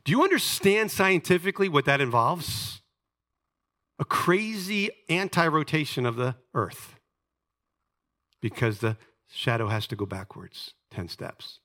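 A male preacher telling a Bible story in a sermon, dramatic, swinging between loud emphasis and hushed asides. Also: mid-range voice.

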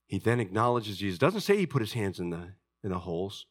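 A man preaching a sermon, swinging from loud, high outbursts to hushed, low passages and acting out the voices of people in his stories. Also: big pitch swings, fast. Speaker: pastor.

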